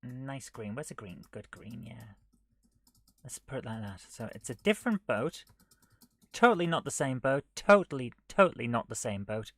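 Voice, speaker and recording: A man streaming himself coding a retro game live, thinking aloud, muttering half to himself and scolding his software. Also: mid-range voice, sing-song, normal speed. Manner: muttering to himself while he works, often dropping to a near whisper; chatty and self-mocking, scolding the software.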